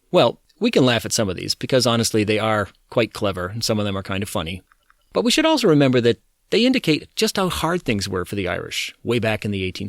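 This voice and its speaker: A man's voice: on the low side, creaky, no echo, clean studio sound. A man hosting a history podcast, reading his script in a wry, conversational storytelling manner.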